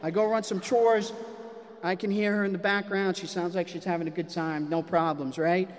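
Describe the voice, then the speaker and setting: A man telling a personal story to a live audience, animated and self-mocking. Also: high voice, normal speed. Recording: long hall reverb.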